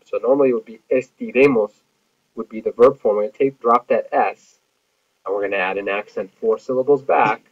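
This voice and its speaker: A man's voice: mid-range voice, slightly rough. A man teaching Spanish grammar in a recorded lecture, explaining patiently with many fillers. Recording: tinny phone-like audio.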